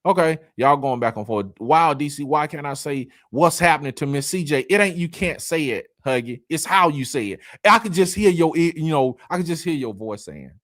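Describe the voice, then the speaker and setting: A man hosts a casual sports livestream and reads viewer comments aloud. His delivery is lively, with a pitch that swings widely, and it is full of laughter and slang like y'all and man. The sound is dry and close to the mic. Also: brisk, few pauses, dry recording. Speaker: live stream host reading comments.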